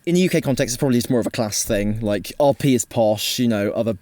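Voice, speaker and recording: A man co-hosting a discussion podcast, sarcastic and quick-fire in his remarks. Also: mid-range voice, darkish tone, no echo. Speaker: podcast co-host.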